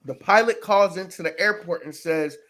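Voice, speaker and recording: A man's voice: sits high, normal speed, fairly bright tone. A man casually recapping a TV episode for his channel, loose and profane, with lots of fillers. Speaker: reaction video host.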